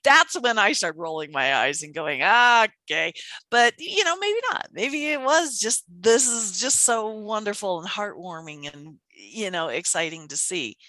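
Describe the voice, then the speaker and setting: A woman's voice: medium pitch, normal speed, hardly any pauses, no echo. A woman in casual conversation, telling stories animatedly and acting out quotes. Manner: animated, storytelling with acted-out quotes. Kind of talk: casual chat.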